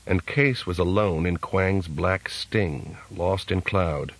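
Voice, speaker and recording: A man narrating an audiobook in a steady, measured way. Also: sits low, low-quality recording. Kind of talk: scripted narration.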